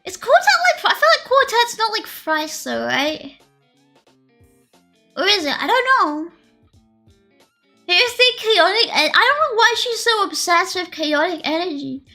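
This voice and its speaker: Very high, slow-talking giggly woman streamer. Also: big pitch swings, bright, forceful tone. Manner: giggly, sarcastic, swears freely. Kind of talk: casual live-stream chat. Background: faint lo-fi music.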